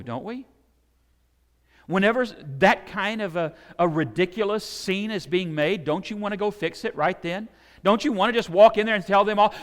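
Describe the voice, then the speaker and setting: Man preaching in a reverberant church. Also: high voice. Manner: animated, acts out crowd shouts and quotes. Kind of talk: sermon. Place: church sanctuary. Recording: long hall reverb.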